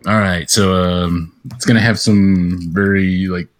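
A man's voice: low-pitched, fairly even intonation, unhurried. A man co-hosting a comedy podcast, teasing his friends with frequent laughs and repeated words. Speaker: podcast co-host. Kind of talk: casual comedy podcast banter.

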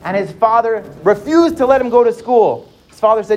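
A storyteller narrating a dramatic tale, lively and dropping low for suspense. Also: brisk. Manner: lively, drops to hushed for suspense.

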